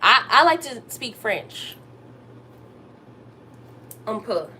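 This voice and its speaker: A young woman hosting a casual livestream from her kitchen while she cooks, chatting straight to her viewers and jumping up high to greet them. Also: big pitch swings, drawn-out words, bright, forceful tone. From Texas. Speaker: livestream host. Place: home kitchen.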